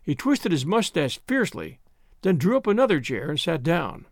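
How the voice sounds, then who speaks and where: A man narrating a classic short story in an expressive, measured reading voice. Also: on the high side, creaky, no echo, clean studio sound.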